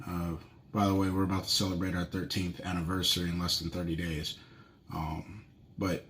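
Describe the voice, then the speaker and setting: A man in his thirties talks through marriage advice as a solo podcast host. His voice sits low, and he rambles in an easygoing, conversational way. He fills pauses with plenty of ums and uhs. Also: steady tone. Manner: rambling, conversational, many fillers.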